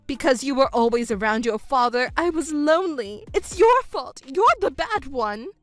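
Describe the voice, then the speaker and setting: A woman's voice: expressive, moderate pace, faint music behind. A woman voicing a selfish, whiny middle-aged stepmother who pleads and complains in a texting story. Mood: resentful. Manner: shrill, pleading and self-pitying.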